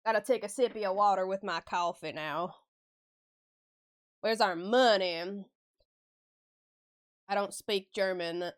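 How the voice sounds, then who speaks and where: Smooth-voiced woman chatting on stream. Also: mid-range voice, a little fast, few pauses. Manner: chatty, swears casually, laughs often, answers chat. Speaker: live-stream artist. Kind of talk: casual stream chat while drawing.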